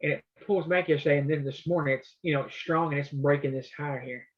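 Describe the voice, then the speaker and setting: A man's voice: fairly high pitch, fairly even intonation, quick pace, lo-fi sound. A man coaching trading in a loose, conversational way, walking through his charts. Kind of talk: casual live coaching session.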